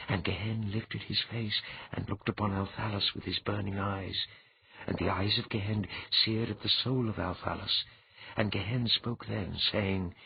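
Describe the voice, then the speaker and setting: A man narrating a fantasy audiobook in a measured, dramatic way. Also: on the low side, fairly even intonation, vocal fry, a little hiss or hum. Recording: dull lo-fi, dry.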